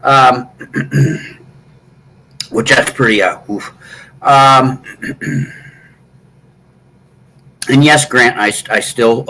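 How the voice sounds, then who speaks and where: A middle-aged man chatting casually with viewers from a hotel room, rambling and halting, often clearing his throat. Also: fairly low pitch, pushed and bright, poor audio. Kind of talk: casual chat.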